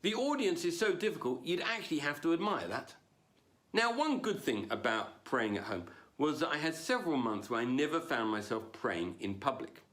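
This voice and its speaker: A man performing a stand-up comedy routine online, jumping between loud punchlines and low asides. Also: sing-song, normal speed.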